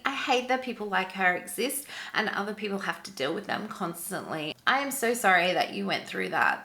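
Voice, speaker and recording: A woman hosting a channel, reading an online story aloud with expressive, sympathetic commentary. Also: mid-range voice. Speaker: story narrator and channel host.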